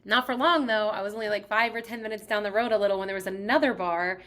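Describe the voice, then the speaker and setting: A young woman from Texas talks through a personal story in an easygoing, conversational way. She leans on "like" between phrases and keeps a middle pitch for a woman. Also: fairly even intonation, fast talker, fairly bright tone. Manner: chatty, heavy use of "like". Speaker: podcast host. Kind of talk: casual storytelling.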